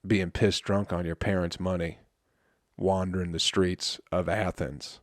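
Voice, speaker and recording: A man's voice: deep voice, level tone, unhurried, no room sound, clean studio sound. Profane, exasperated man ranting on a podcast. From Flint, Michigan. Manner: profane, exasperated ranting with sudden loud outbursts. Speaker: comedian podcast host. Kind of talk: solo comedic podcast rant.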